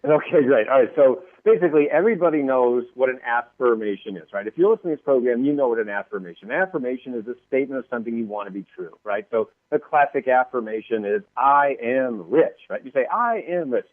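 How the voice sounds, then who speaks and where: Appearing as an interview guest, a male author tells stories with lots of energy, acting out the voices of the people he quotes and laughing often. His medium-pitched voice moves quickly with few pauses. It's a dry phone-line recording.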